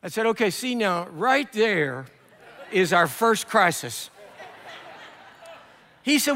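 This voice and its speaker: Animated male preacher in a hall. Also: high-pitched, slow, pauses often. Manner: animated storyteller acting out dialogue. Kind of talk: sermon storytelling.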